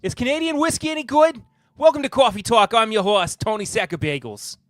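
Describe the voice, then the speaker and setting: Brash New York talk show host, put on by a man, loud, dry close sound, faint music. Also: very high voice, very animated, a little fast, no room sound, pitched above the performer's own voice.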